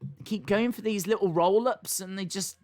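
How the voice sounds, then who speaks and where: A man's voice: sits high, normal speed, a little mellow. A young man hosting a live wrestling watch-along, calling the action and reading chat comments aloud. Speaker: wrestling stream host.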